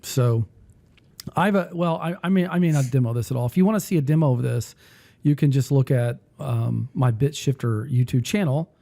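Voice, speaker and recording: Gravelly man demoing music software. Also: medium pitch, normal speed. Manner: rambling, thinks aloud while clicking through software. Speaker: music teacher and podcast host. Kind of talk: casual demo talk.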